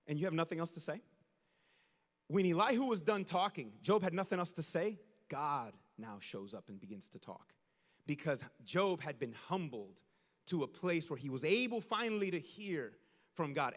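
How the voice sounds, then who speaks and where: A male pastor preaching a sermon in an animated, conversational way, full of casual slang and acted-out asides. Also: high voice, moderate pace, in a large hall.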